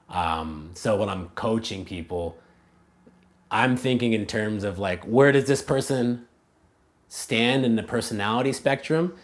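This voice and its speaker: Casual, low-voiced man thinking aloud. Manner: casual, animated, many "like" and "you know" fillers; thinks aloud, restarts phrases. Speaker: language coach, interview guest. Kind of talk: conversational interview answers.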